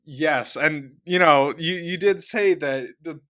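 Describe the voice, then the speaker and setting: A man's voice: on the high side, takes it slowly, fairly bright tone. Dry-witted man in podcast chat. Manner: dry, short replies, teasing. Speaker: podcast co-host. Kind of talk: casual movie chat.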